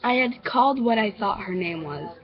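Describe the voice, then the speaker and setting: A woman narrating a homemade horror story, halting and stammering with many restarts. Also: medium pitch, animated. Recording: dull lo-fi recording.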